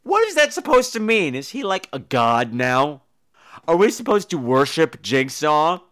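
A man with a high, bright, crisp voice who tears into films on his podcast. He rants with sarcasm and heavy swearing, swinging his pitch all over the place as he mocks the actors. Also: big pitch swings, measured pace. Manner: sarcastic, swears freely, mimics people. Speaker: podcast host reviewing films. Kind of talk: profane comedic rant.

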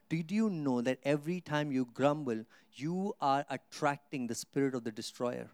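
A pastor delivers a sermon, posing questions to the congregation and moving between quiet, low asides and loud, drawn-out readings of Scripture. The studio-quality recording has no echo.

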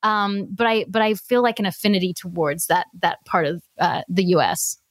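A woman co-hosting a podcast, chatting casually and telling animated stories. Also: lowish voice, normal speed, no room sound, studio quality. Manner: animated storyteller, quotes people in voices. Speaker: podcast co-host. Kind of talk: casual chat.

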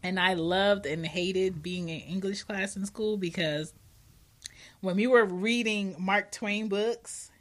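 A woman hosting a parenting podcast, talking casually and telling stories with animated energy. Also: mid-range voice, slow. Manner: animated, lively storyteller. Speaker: podcast host.

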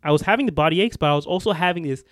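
Racing along in a slightly high voice, a young podcast co-host tells a story in casual conversation. The studio sound is clean with no room sound, and his delivery rambles with many restarts and fillers.

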